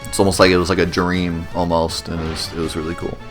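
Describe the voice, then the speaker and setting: Soft music plays behind this young man's fast, deep, level-toned commentary. He's casually narrating his gameplay for a let's play, rambling and poking fun at himself.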